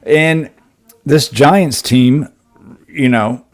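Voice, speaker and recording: A man's voice: medium pitch, drawn-out words. Guy on a sports podcast, lots of uhs and restarts, making his case. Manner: hesitant, lots of fillers, builds an argument. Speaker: podcast co-host. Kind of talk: casual sports chat.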